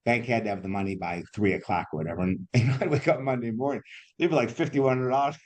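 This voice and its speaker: A middle-aged entrepreneur talks at a quick clip in an interview. He speaks with a voice of middle pitch. He tells his stories candidly and with animation, with bursts of laughter and rough language. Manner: animated, swears, laughs while telling stories. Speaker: entrepreneur guest.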